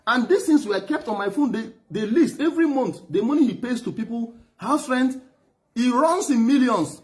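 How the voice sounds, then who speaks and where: A man's voice: very high-pitched, expressive, normal speed. A middle-aged Nigerian man with a Nigerian accent giving an emphatic, repetitive personal testimony as a former driver and aide. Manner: emphatic, repetitive, laughs heavily and stammers.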